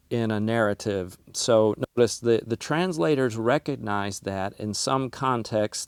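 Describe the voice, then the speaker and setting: A man's voice: medium pitch, darkish tone, clean tone, dry recording, studio quality. A middle-aged man teaching a Bible class in a conversational way, often repeating words and acting out the lines he quotes.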